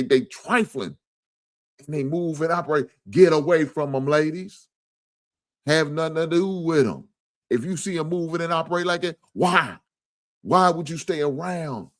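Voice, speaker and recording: Here a preachy sports-talk host offers casual commentary on a video, cursing freely. His voice shifts between a low grumble and high shouts of outrage.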